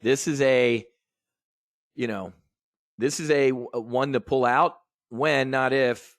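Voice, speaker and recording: A man's voice: mid-range voice, fairly bright tone, no echo, clean studio sound. A man hosting a live trading brief, ranting bluntly and profanely. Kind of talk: live market commentary rant.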